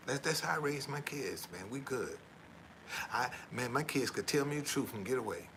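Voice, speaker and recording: A middle-aged tour guide and former van driver rambles on a livestream, repeating himself, ending lines with "man," and earnestly preaching about honesty. His mid-range voice is expressive, brisk, and sharp, though the audio is poor, with some hiss or hum.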